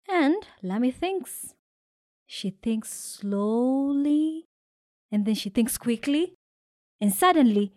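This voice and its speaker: A woman from Kenya reading a children's picture book aloud, with lively shouted voices for the characters. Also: fairly high pitch, no echo, studio quality. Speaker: storybook reader. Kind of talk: expressive read-aloud storytelling.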